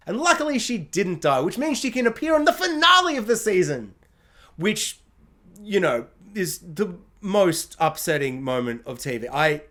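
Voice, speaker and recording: A man's voice: sits high, sing-song, moderate pace, fairly bright tone. A man giving an effusive, emotional solo TV review, rambling and restarting as he talks.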